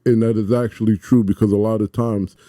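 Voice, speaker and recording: A radio host speaks in a mellow, very dark voice, close and dry in the studio. He is eager and stammers through his questions, laughing easily. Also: on the low side, little pitch movement, fairly quick, no echo. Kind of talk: radio interview conversation.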